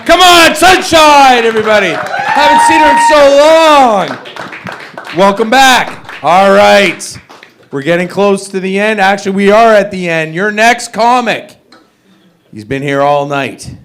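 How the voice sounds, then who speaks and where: A man's voice: high-pitched, expressive, measured pace, a bit bright, a little hiss or hum. A man hosting an open mic, introducing the next comic in an upbeat way and calling out to the crowd. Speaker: host. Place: comedy club stage.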